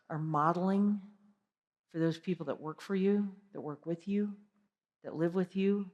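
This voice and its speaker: A woman giving an energetic motivational keynote, asking the audience direct questions. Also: fairly low pitch, muffled recording. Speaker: keynote speaker. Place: large conference hall. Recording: long hall reverb.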